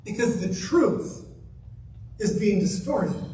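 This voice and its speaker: A man's voice: high-pitched, big pitch swings, takes it slowly, warm tone, slight background noise. A man preaching a sermon as guest minister, emphatic and full of rhetorical questions put to the congregation. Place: church sanctuary. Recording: echoey church hall from far off.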